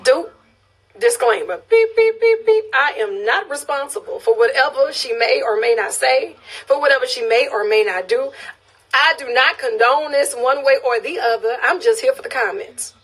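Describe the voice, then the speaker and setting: A woman's voice: sits high, moderate pace, a bit bright, slightly rough. A woman from Louisiana with a Louisiana accent hosting a casual phone live stream. She reads viewer comments, laughs often and repeats phrases for emphasis. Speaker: livestream host.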